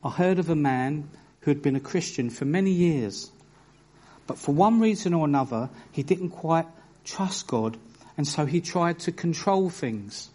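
A man preaching a sermon, telling stories with earnest emphasis and reading scripture aloud in a measured way. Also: on the high side, animated, dark tone. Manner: earnest storytelling with bursts of emphasis.

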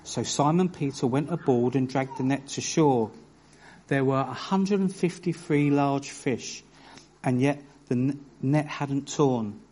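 A man preaching a sermon, telling stories with earnest emphasis and reading scripture aloud in a measured way. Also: mid-range voice, mellow, slight background noise. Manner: earnest storytelling with bursts of emphasis.

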